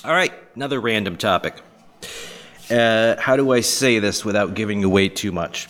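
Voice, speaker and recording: A man's voice: fairly low pitch, normal speed, fairly bright tone. A man casually telling a story alone on a podcast, rambling and swearing with lots of fillers. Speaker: podcast host.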